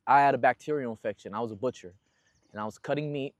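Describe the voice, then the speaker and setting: A man's voice: mid-range voice, quick pace, no echo, studio quality. A young man talking casually as a guest in an interview, telling a personal story in a loose, slangy way with lots of profanity. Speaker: guest musician.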